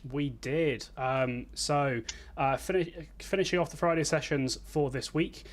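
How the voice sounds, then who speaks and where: A man's voice: a little high, steady tone, unhurried. Guy cohost introducing acts, bit self-deprecating, trips over words. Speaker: co-host. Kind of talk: casual online show chat.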